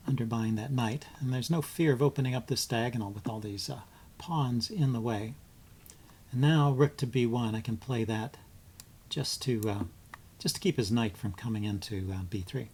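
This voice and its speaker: A man's voice: medium pitch, moderate pace, darkish tone, a little hiss or hum. A man hosting his chess channel, commentating live on his own blitz game, thinking aloud with frequent ums and muttering moves under his breath.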